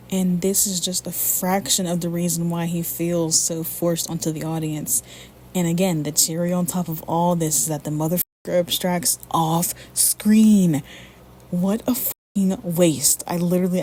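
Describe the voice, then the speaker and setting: A woman's voice: deep voice, mellow, slight background noise. A woman giving a blunt, profane commentary rant on a video she made, moving between heated complaints and chatty explanation.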